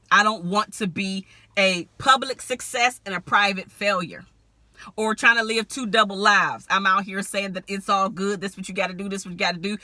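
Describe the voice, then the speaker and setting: A woman with a very bright, forward voice giving relationship advice straight to camera. She talks candidly and with animation, often breaking into laughter. The sound is close and dry, with no room around it. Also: mid-range voice, dry recording. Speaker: relationship strategist. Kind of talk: direct-to-camera advice vlog.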